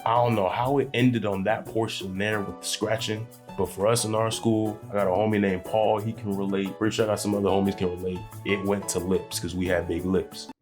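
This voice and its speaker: A man talks through a reaction video in a relaxed, slangy way, his voice sitting somewhat low. He sounds chatty and easygoing. Faint guitar music plays behind him. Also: a little fast, few pauses. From United States. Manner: laid-back, chatty, slangy. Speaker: YouTube reaction host. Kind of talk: casual reaction commentary.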